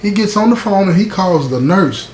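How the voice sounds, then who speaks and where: A man's voice: sits high, lively intonation, normal speed. A man telling a true-style story in a casual, emphatic way, talking straight to the listener. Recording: echoey room with faint background noise.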